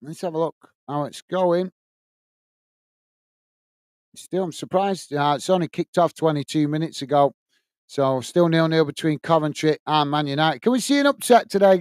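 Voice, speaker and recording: A man's voice: a little high, a little mellow, clean tone, no echo, studio quality. Chatty man hosting a football stream. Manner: chatty, addresses viewers as guys and mate. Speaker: host of a football watch-along stream. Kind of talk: live stream chat, reading viewer comments aloud.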